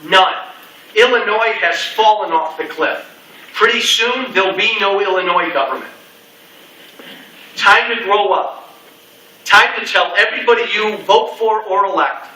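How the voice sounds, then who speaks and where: A man's voice: sits high, unhurried, pauses often, sharp tone. A middle-aged man giving a punchy campaign speech to a crowd, repeating slogans with folksy asides. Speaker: political speaker. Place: meeting room with an audience. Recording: echoey room, mic from a distance.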